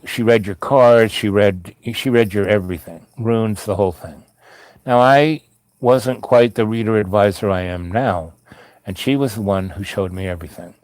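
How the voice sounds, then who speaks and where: A man's voice: lowish voice, unhurried, a little mellow, dry recording. A man casually telling a long personal story, meandering with many asides and restarts.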